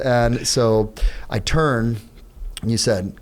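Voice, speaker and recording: A man's voice: on the low side, a little fast. A man, a sales trainer and podcast guest, telling a story in casual chat and acting out the quotes as he goes. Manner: animated storyteller, acts out quotes in other voices. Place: podcast studio.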